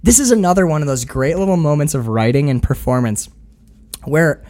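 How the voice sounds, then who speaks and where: A man's voice: a little high, a little fast, mellow. A man co-hosting a casual film podcast, talking animatedly, swearing and acting out quoted lines. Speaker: podcast co-host.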